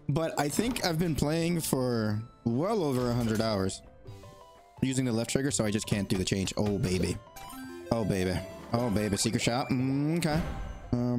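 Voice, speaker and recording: A man playing a video game and commenting as he goes, excitable and talking to the game, with sudden high yelps when he panics. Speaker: gaming YouTuber. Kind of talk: let's play commentary.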